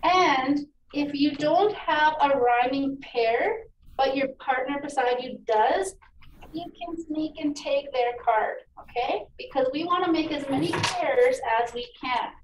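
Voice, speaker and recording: A woman teacher giving a phonics lesson to children, encouraging and enunciating each sound clearly. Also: high voice, a little slow. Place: meeting room. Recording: echoey room, distant mic, faint noise.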